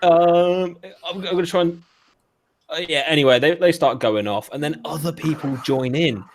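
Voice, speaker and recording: Giggly British podcast host. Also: male voice, a little high, normal speed, a little hiss or hum. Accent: British English. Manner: giggly, stop-start reader. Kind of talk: casual chat, reading out comments.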